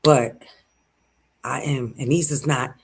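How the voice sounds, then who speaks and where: A man in his forties hosts a livestream, his voice a little husky and unhurried. He is teary-eyed and rambles warmly, thanking his viewers from the heart. His pitch sits in an ordinary middle range for a man. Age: 40s. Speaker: livestream host. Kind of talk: casual emotional livestream chat.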